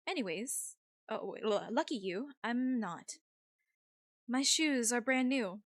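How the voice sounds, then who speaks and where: A woman's voice: fairly high pitch, lively intonation, takes it slowly, no room sound, clean studio sound. A woman voicing a vain, stylish young witch girl in a put-on Valley girl accent, reading a game's lines. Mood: vain drawl.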